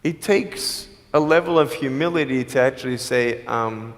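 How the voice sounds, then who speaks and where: A man giving a motivational speech to a live audience, telling his story in an animated way, acting out the people in it and mixing playful jokes with earnest appeals. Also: medium pitch, normal speed, hardly any pauses, big-room sound. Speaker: motivational speaker.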